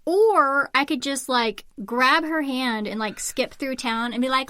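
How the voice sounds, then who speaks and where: A woman co-hosting a podcast in casual chat, animated and acting out quotes. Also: high voice, measured pace, smooth, no room sound. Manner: animated, acts out quotes in her stories. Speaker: podcast co-host.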